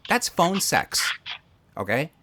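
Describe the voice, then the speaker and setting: A man's voice: a little high, very animated, slow pace, crowd noise. A man hosting a comedy podcast in casual chat, telling crude joking stories. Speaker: podcast host.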